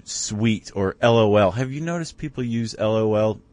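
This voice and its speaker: A man's voice: fairly low pitch, moderate pace, darkish tone. A man co-hosting a podcast in casual conversation, chatty and wry, often restarting his sentences with fillers. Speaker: podcast co-host.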